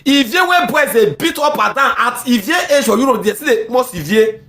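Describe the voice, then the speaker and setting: A woman's voice: fairly high pitch, expressive, fairly quick, fairly bright tone. A woman with a Nigerian accent ranting angrily in heated social media commentary. She repeats herself often and mixes pidgin with English.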